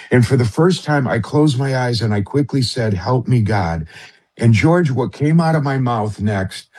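A middle-aged man, a guest on a radio show, tells a personal story in an earnest, halting way, full of fillers and restarts. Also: mid-range voice, darkish tone, breathy edge.

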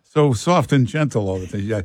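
A man's voice: medium pitch, expressive, normal speed, darkish tone, dry recording. A man hosting a call-in radio show, full of brash, teasing banter. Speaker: radio talk show host.

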